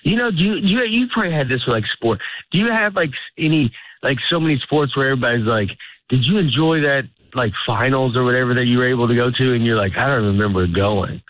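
A middle-aged male comedian talks in a loose, rambling way, stopping and restarting his sentences as he tells stories. His voice sits at an ordinary pitch and sounds dry and close. The sound is thin and tinny, like a phone line on the radio. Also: lively intonation, fast, no echo. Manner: rambling, self-interrupting, storytelling delivery. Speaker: stand-up comedian guest. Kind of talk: casual interview chat.

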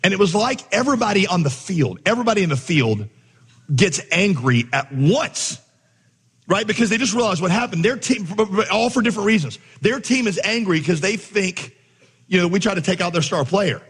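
Pastor guy telling a story in a sermon, kinda high husky voice, big reverb hall. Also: moderate pace. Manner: animated storyteller, acts out voices, laughs along.

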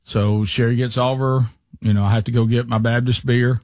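A middle-aged man, a podcast co-host telling a rambling, animated story in casual chat. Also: medium pitch, a little fast, dry recording, studio quality. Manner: rambling, animated anecdotes with restarts.

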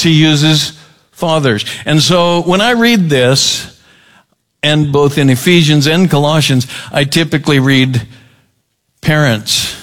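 A man preaching a sermon as pastor, deliberate and emphatic, often repeating key words. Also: medium pitch.

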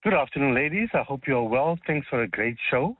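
A man from South Africa calls in to a radio show and tells his story politely. His husky voice moves a lot in pitch. It comes through a tinny phone line. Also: animated, fairly quick, no echo. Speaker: caller.

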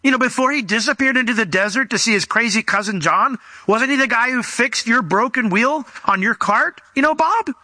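A man voicing a skeptical small-town villager, speaking in a high, excited, chatty way. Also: brisk, hardly any pauses, no echo, full character voice. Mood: incredulous.

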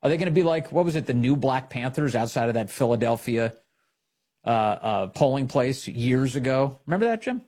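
A man hosting a political commentary show, talking in an animated, sarcastic way. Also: mid-range voice, moderate pace. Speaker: host.

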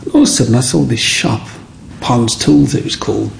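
A man's voice: mid-range voice, fairly quick, vocal fry, slight background noise. A middle-aged man, telling his life story as an interview guest and acting out the people in it. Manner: animated, acts out the people in his stories.

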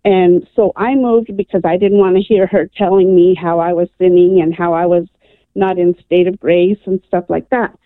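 A woman's voice: on the low side, fairly even intonation, moderate pace, dry recording. A woman calling in to a radio show and earnestly telling a personal story, with lots of "um" and "I'm like.". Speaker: radio caller. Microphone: telephone. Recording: tinny phone line, dry.

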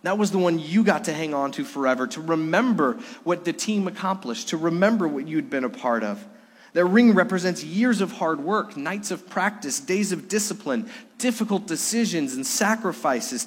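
A man's voice: a little high, animated, moderate pace. Preaching man in an echoey sanctuary. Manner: earnest preaching, swings between loud emphasis and soft hushed lines. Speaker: pastor. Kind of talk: sermon. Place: church sanctuary during a Sunday service.

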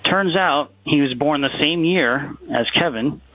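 A man's voice: fairly high pitch, a little slow, no echo. A man being interviewed as a guest author, talking casually with many fillers and restarts. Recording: tinny phone line.

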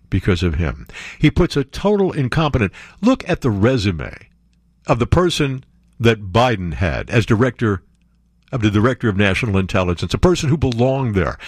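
Animated, sarcastic man reading the news. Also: a little high, dry recording, clean studio sound. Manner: animated and sarcastic, breaks in with asides and jokes. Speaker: commentary show host. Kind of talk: reading news aloud with running commentary.

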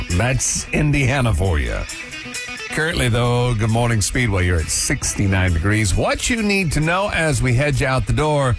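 A man hosting a morning radio show, chatting in a lively, joking way. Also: medium pitch, unhurried, over music.

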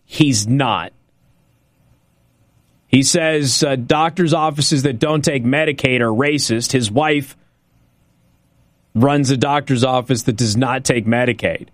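A man hosting a political talk radio show, delivering an emphatic, sarcastic monologue and repeating points slowly for effect. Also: medium pitch, dry recording, clean studio sound.

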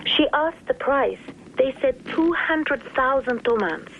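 A woman's voice: high voice, lively intonation, slow, slight background noise. A woman speaking on a phone interview, telling of hospital conditions in an urgent, indignant way. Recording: tinny phone line.

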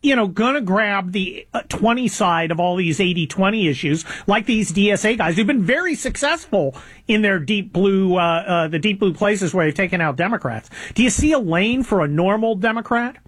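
A high-voiced man in his fifties hosts a political talk, sardonic and rambling, filling his sentences with stammers and fillers. His voice sounds close and dry, with no room echo. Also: expressive, normal speed, fairly bright tone, slightly rough. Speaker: podcast host. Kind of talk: opinionated conversational commentary.

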